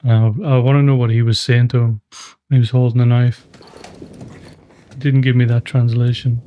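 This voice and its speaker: A man's voice: medium pitch, flat delivery, normal speed, dull audio. Emotional man reacting to a film. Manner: emotional, swearing, talking to the screen. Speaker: movie reaction host. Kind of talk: live movie reaction. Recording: noisy with loud film audio.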